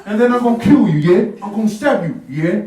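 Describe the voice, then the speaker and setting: Brief: loud, menacing British tough guy, higher voice, heard from far off in a roomy café, done by a male comic. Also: expressive, a little fast. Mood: threatening. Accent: put-on British. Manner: loud, menacing, every threat ends in a question. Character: aggressive young British man threatening a fight.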